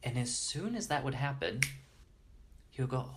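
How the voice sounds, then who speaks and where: This interview guest speaks in a medium-pitched, sing-song voice at normal speed, pausing often, and the recording is very noisy. He recounts stories with earnest reverence, often breaking off to begin a sentence again.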